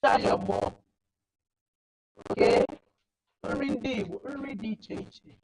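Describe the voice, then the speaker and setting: A woman teaching a class of children, animated and repeating words for emphasis. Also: high voice, slow, poor audio. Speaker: camp teacher.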